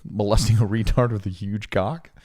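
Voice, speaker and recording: A man's voice: lowish voice, fairly even intonation, moderate pace, a little mellow. A young man co-hosting a podcast, ranting in a heated, profane way in casual chat. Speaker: podcast co-host.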